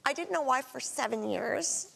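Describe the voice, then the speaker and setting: A woman from Canada chatting as a guest singer, with a raspy, airy voice, animated and quick to laugh. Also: high-pitched. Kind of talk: casual chat. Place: studio.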